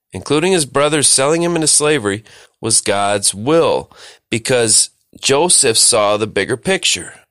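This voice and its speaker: A man's voice: mid-range voice, a bit bright, dry recording, clean studio sound. A man leading a Bible study, reading scripture and exhorting listeners earnestly.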